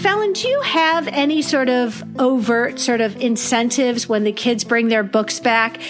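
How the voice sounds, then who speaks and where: A woman school librarian talking on a podcast, telling stories with lively energy, acting out parents' complaints, and often restarting her sentences. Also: fairly high pitch, unhurried, over music. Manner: animated storyteller, acts out parents' complaints; frequent restarts and repeated words. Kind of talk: podcast conversation.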